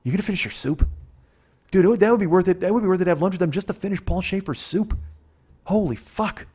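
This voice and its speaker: A man's voice: high voice, fast talker, mellow, husky. A man in his forties, a podcast host, telling a long, profane, rambling story in casual chat. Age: 40s.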